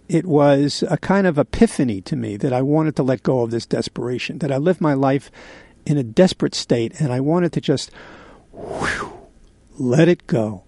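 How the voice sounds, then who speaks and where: A man in his sixties hosting a radio show, telling a candid personal story in a halting way with many pauses and fillers. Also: mid-range voice, creaky, mellow, dry recording. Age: 60s. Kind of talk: confessional radio monologue.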